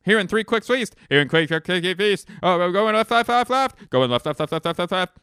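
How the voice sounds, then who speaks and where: A man playing a frantic male warship crew, shouting rapid repeated commands. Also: sits high, lively intonation, clean tone, dry recording, clean studio sound, voice pushed up, exaggerated voice.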